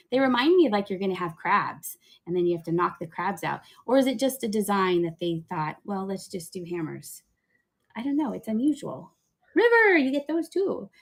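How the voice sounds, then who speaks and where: A woman's voice: a little high, slightly rough. A woman hosting a live online auction of thrift finds, chatting and laughing with viewers as she sells. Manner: chatty, giggly, thinks aloud while selling. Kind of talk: live-stream selling chat.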